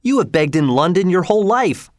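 A man reading a storybook voices a cunning beggar boy who wheedles and schemes. The voice is lifted and sing-song, sly rather than loud, on a dry close mic. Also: high-pitched, very animated, brisk, no room sound, voice pushed up. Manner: coaxing, sly.

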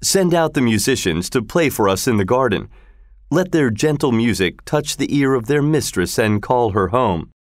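A man voicing a courteous young gentleman who speaks warmly in a storybook reading. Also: medium pitch, lively intonation, normal speed, dry recording, clean studio sound, natural voice. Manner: warm, courteous.

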